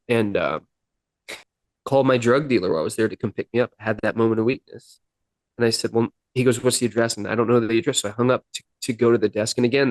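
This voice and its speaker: An earnest man tells a personal story in a sit-down interview, acting out the back-and-forth dialogue as he goes. His voice has a middling pitch and a dry, close sound with no room around it. At times he sounds close to tears. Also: no room sound. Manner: earnest, emotional retelling with quoted dialogue. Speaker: podcast guest, musician.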